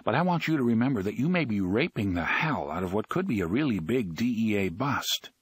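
A man voicing a calm, firm female flight attendant in a storybook reading. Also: fairly low pitch, fairly quick, slightly rough, no echo.

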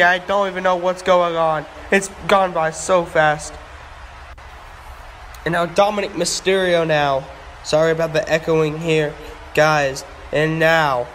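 A man giving breathless, excited play-by-play of a toy wrestling match, often shouting exclamations, in an echoey room. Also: a little high, measured pace. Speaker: play-by-play commentator. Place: home room with echo. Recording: echoey room, faint background hum.

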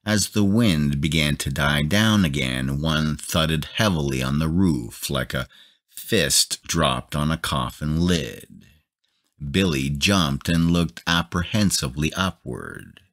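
A man narrates a novella in a calm, measured bedtime reading. His voice sits extremely low. He takes his time with every phrase.

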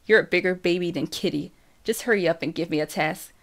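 A woman's voice: on the low side, a little fast. A woman voicing a cocky, teasing teenage boy in an audiobook reading, in a playful, lightly mocking way.

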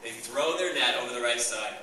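Young guy pastor preaching, bright excited voice, church hall echoing, mic kinda far. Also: mid-range voice, a little fast, a little hiss or hum. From Canada. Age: young adult. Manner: enthusiastic, conversational preaching. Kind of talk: sermon.

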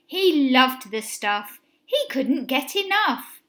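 Slow, lively woman reading a storybook. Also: sits high. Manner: expressive, sing-song storytelling. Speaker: teacher reading a picture book. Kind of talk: storybook read-aloud.

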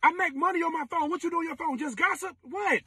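A man's voice: extremely high pitch, fast talker, sharp tone, slight background noise. A man acting in a comedy sketch, teasing and trading playful insults.

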